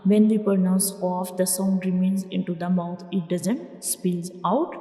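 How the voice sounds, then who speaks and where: Slow, patient woman teaching letters. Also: fairly low pitch, fairly even intonation, faint music behind. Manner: patient, repeats each letter sound loudly for learners. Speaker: Quran reading teacher. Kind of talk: slow step-by-step letter lesson. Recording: echoey room with long reverb.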